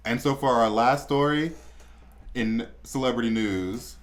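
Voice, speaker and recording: A man's voice: on the low side, animated, moderate pace. A man co-hosting a podcast, dishing celebrity gossip in a blunt, sassy and crude way. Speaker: podcast co-host. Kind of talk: casual gossip chat.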